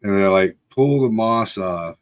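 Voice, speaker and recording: Speaking unhurriedly in a fairly low voice, this middle-aged Texan livestream host tells a meandering story full of fillers and frequent laughter.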